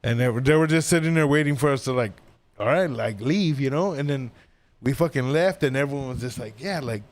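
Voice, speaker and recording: A man guesting on a podcast tells a story casually and ramblingly, swearing a lot and acting out what people said in animated quotes. His mid-range voice is brisk.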